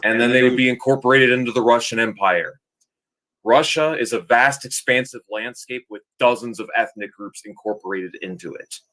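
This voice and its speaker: A man's voice: medium pitch, normal speed, fairly bright tone. A man giving casual reaction commentary to a video, rambling and sometimes losing his train of thought.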